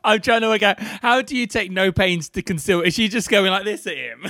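A man chats in casual podcast banter, joking and giggling. His voice sits high and bright, and the sound is dry and close. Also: a little fast, no room sound. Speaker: podcast co-host and editor.

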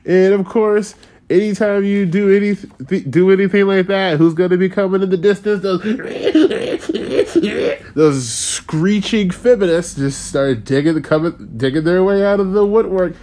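A man in his thirties ranting in a casual, profane, rambling way, sarcastic and quick to laugh. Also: high voice, dark tone. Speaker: podcast host. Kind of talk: casual rant.

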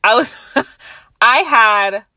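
Young woman, casual vlogger, crisp bright voice, blunt profane ranting with self-amused laughs. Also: a little high, expressive, extremely slow, no echo. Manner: blunt, profane, chatty rants; laughs at herself mid-sentence. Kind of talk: casual talk to camera.

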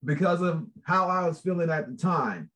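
A man chatting casually about a book project, rambling, animated and laughing often. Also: fairly high pitch, moderate pace. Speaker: book contributor. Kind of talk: casual chat.

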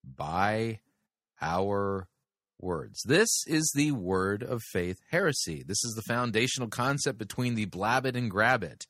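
This is a man hosting a commentary show, picking apart a sermon in a deliberate, critical way. His voice is on the low side but bright and forceful, and he stresses single words. The recording is dry, with no room sound. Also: expressive, no room sound. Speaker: podcast host critiquing a sermon.

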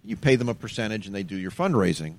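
Animated man telling a story. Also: fairly low pitch, quick pace, gravelly. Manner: animated storyteller, acts out the people he quotes. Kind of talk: casual storytelling.

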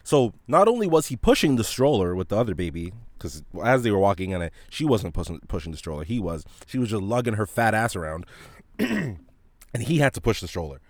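A male podcast host telling a story as a profane, animated rant, coughing now and then from a dry throat. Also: lowish voice, brisk, dry recording. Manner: profane, animated, frequent restarts.

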